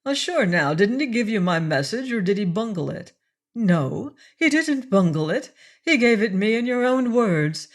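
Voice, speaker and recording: A woman's voice: mid-range voice, big pitch swings, moderate pace, voice pushed up. Woman doing an earnest pirate captain. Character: Irish pirate captain turned governor, earnest, lovesick.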